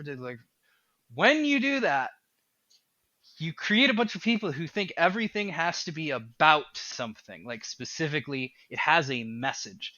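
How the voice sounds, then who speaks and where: A man who is a game developer, talking as a podcast guest in an animated, rambling way. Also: fairly high pitch, moderate pace, dry recording, muffled recording. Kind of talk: casual podcast chat.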